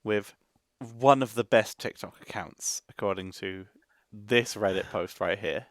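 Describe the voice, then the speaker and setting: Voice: sits low, measured pace, no room sound. A laid-back co-host of a meme reaction video who laughs often while chatting. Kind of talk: casual chat.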